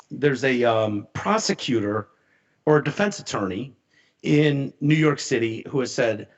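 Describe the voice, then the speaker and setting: Gravelly podcast co-host man. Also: medium pitch, lo-fi sound. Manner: animated storyteller, acts out quoted voices. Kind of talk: casual podcast chat.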